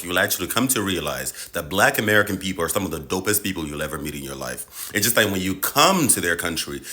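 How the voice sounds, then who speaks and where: A man's voice: low-pitched, sharp tone. A man delivering an impassioned, profane rant straight to his audience. He hammers the same points over and over with heavy emphasis. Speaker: social media commentator. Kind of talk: impassioned direct-to-camera rant.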